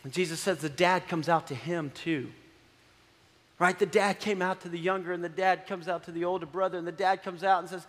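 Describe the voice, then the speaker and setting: A man pastor preaching a sermon, dramatic, moving from loud exclamations to soft, low appeals. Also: fairly even intonation, a little fast, long reverb tail.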